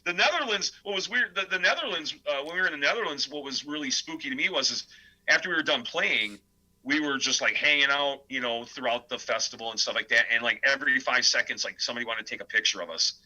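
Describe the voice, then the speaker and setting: A man's voice: mid-range voice, fast talker, low-quality recording. A man from the American Midwest, a death metal vocalist and guitarist, telling rambling stories as a podcast guest. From Midwest United States. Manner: animated, rambling, many filler words. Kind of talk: casual storytelling interview.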